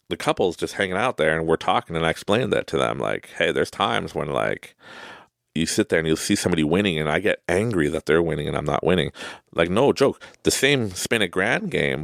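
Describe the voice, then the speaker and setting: Gravelly low-voiced man, rambling storyteller. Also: a bit bright, dry recording, studio quality. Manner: rambling storyteller, lots of fillers and asides. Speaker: podcast host. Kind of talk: casual motivational monologue.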